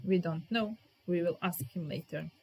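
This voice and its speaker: A woman teacher giving a live grammar lesson, speaking, repeating example sentences slowly and talking to viewers in the chat by name. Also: lowish voice, vocal fry, mellow, breathy edge. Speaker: English teacher.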